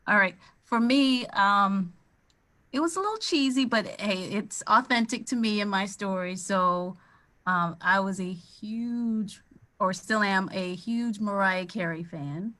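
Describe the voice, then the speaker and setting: A woman's voice: mid-range voice, a little slow, sharp tone. A woman singer on a video call, speaking in an inspirational, rambling way. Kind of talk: casual panel chat.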